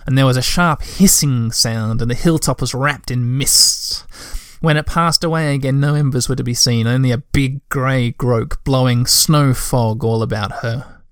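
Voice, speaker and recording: A man's voice: medium pitch, normal speed, a bit bright, smooth, dry recording, clean studio sound. Man reading a storybook aloud.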